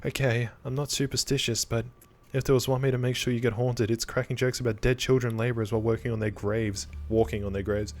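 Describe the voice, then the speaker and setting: A man's voice: medium pitch, little pitch movement, quick pace, close to an everyday voice. A man voicing an anxious young woman who frets and always expects disaster. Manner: fretful, catastrophizing. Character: jumpy anxious young woman, quick to panic.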